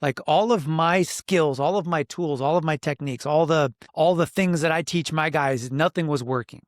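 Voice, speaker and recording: A man's voice: on the high side, moderate pace, dry recording, studio quality. Earnest middle-aged man telling a personal story. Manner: earnest, reflective, acts out his own inner dialogue. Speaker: podcast guest, men's coach. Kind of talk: storytelling in a podcast interview.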